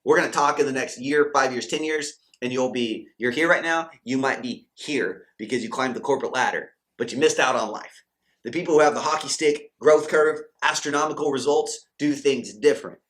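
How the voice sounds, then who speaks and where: A man's voice: medium pitch, brisk, fairly bright tone. Man, Christian coach, motivational faith talk, fired-up, preachy, exhorting. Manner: acts out quoted doubters and believers. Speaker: Christian coach and channel host.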